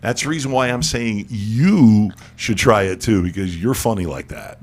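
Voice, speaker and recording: A man's voice: fairly low pitch, moderate pace. Stammering, joking male radio host. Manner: joking, stammering, repeats words, laughs often. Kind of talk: casual chat on an internet radio show. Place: studio.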